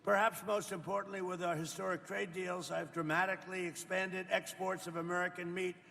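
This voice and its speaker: Older man in his seventies with a rather high voice and a gravelly edge, speaking off the cuff and rambling. His talk is boastful and repetitive, full of asides to the audience. The sound rings with the long reverb of a hall. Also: flat delivery, fairly quick, pushed and bright. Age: 70s. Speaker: politician speaking at a roundtable. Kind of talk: off-the-cuff public speech. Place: event room with people around a table.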